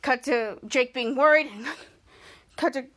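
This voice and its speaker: A woman's voice: sits high, unhurried, fairly bright tone. A woman podcast host giving a chatty, loose play-by-play recap of a TV episode.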